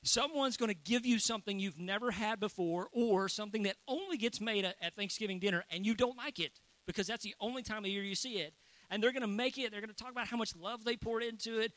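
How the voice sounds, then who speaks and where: A man's voice: high-pitched, quick pace, a bit bright, no echo. A man preaching a sermon as a pastor, chatty and joking with his congregation.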